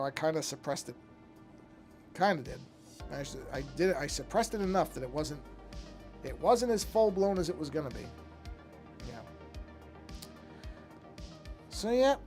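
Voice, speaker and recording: A man's voice: a little high, expressive, moderate pace, pauses often, darkish tone, soft background music. A middle-aged man chatting casually on a live art stream as he paints, thinking aloud with many restarts and yawning now and then. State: yawning often. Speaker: artist streaming his work.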